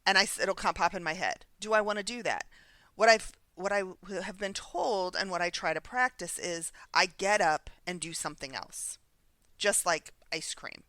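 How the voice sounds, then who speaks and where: This woman has a bright, crisp voice with a fairly low pitch. She chats casually on a podcast, thinking aloud through her own everyday stories, and the sound is dry and close. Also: moderate pace, no echo. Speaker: podcast co-host. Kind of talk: casual recovery podcast chat.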